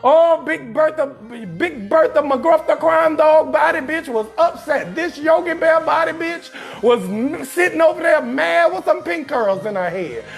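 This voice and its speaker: Man, comedian host, profane storytelling, loud and emphatic, faint music underneath. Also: extremely high pitch, animated, unhurried, creaky. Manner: loud, emphatic, frequently shouting punchlines.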